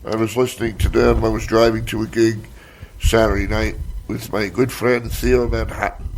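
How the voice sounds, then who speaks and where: An older man with a low, gravelly voice talks loosely and at length, full of fillers and cheerful swearing. He sounds relaxed and melted down, and faint noise hums under the recording. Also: normal speed. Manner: rambling storytelling, frequent swearing and fillers. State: relaxed after a massage. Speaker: stand-up comedian guest. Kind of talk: casual chat.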